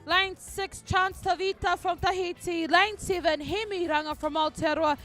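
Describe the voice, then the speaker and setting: A woman giving chatty, joking, excitable live commentary on a canoe race outdoors. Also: very high-pitched, moderate pace, faint music behind.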